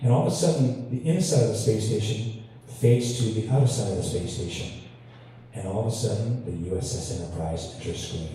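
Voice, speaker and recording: A man from Canada, a guitarist, tells self-deprecating stories from the stage with an easy, laughing delivery. His voice is dark and mellow. The sound carries a long, echoey hall reverb and is caught from a distance. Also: lowish voice, fairly quick, a little hiss or hum. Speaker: guitarist telling stories between songs. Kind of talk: on-stage storytelling banter. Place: large hall with audience. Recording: echoey hall, distant mic, faint ambience.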